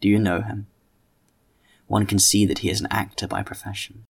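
A man voicing a fickle, passionate, gossipy young woman in an audiobook, speaking slowly and drawing out his words. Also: lowish voice, little pitch movement, creaky, breathy edge. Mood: gossiping. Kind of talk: audiobook character reading.

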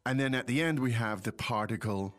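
In a casual teaching chat on his language podcast, a native English-speaking man explains phrases in a chatty way and prompts his co-host. His mid-range voice is fairly quick and a bit bright. The sound is dry with no room sound, and soft music plays behind him.

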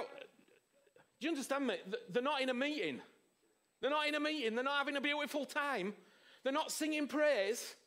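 High-voiced male preacher, swinging loud and soft. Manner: emphatic, rhetorical questions, swings from loud to hushed. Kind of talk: sermon.

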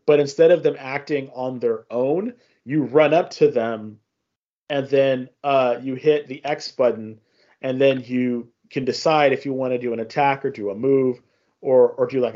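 A man's voice: medium pitch, darkish tone. Rambling male podcast host, dull audio. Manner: rambling, many restarts, acts out game dialogue in quick voices. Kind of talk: casual podcast chat.

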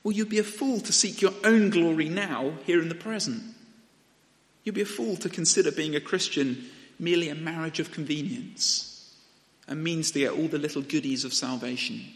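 A young man preaching a sermon, talking to the congregation in a conversational, animated way. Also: on the high side, normal speed. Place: church hall. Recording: long hall reverb.

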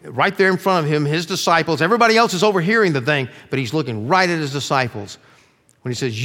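A middle-aged male pastor preaching a sermon earnestly, dropping his voice low to stress key lines. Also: lively intonation, fast talker, a bit bright. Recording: long reverb of a large room.

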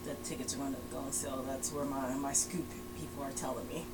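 A woman's voice: extremely low pitch, level tone, fast, background noise. A woman co-hosting a casual wrestling podcast, making blunt, teasing quips. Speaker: podcast co-host.

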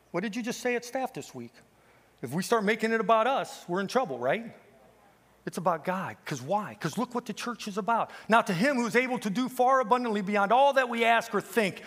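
A man preaching a fiery sermon, firing rhetorical questions and quoting scripture, swinging from loud to hushed. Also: sits high. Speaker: guest preacher.

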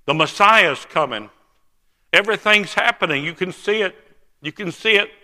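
A man voicing an excited older religious man who speaks broken English in a rush. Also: sits high, voice pushed up. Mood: elated. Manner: urgent, breathless, fast-talking. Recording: long church hall reverb.

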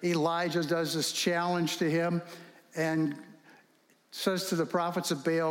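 Brief: male pastor, high voice, lively storytelling sermon, long hall reverb. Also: a little slow. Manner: animated storytelling with rhetorical questions.

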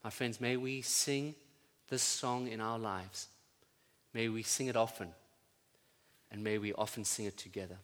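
A pastor preaching a sermon to his congregation, building to loud fervent peaks and then dropping to quiet, tender prayer. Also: lowish voice, steady tone, measured pace. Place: church. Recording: church sound with long reverb.

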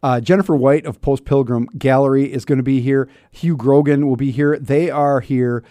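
A man's voice: medium pitch, steady tone, moderate pace, warm tone, dry recording, clean studio sound. A man in his fifties hosting a radio talk show, chatting casually and wryly with many restarts, his throat a little scratchy. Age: 50s. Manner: chatty, self-interrupting, wry. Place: radio studio. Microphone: studio microphone.

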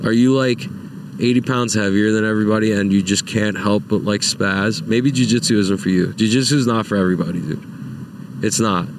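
Low-voiced young man ranting profanely. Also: brisk. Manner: profane, exasperated, rises to loud high-pitched outbursts. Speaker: vlogger. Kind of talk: casual rant to camera.

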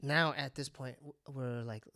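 A man's voice: medium pitch, a little slow, dry recording. A man telling a comic personal story in casual chat, stammering and poking fun at himself. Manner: animated, stammering, self-mocking.

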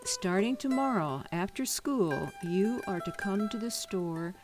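A woman reading a storybook, voicing a stern but kind middle-aged man with a gruff, commanding manner. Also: mid-range voice, lively intonation, a little slow, music in the background, natural voice. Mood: scolding.

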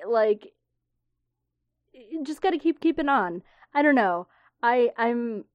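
A woman's voice: medium pitch, no echo. A woman hosts a solo podcast in a candid, rambling voice, with blunt asides and the odd swear. The recording is dry and slightly dull, with little room sound. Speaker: podcast host. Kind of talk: casual solo podcast talk.

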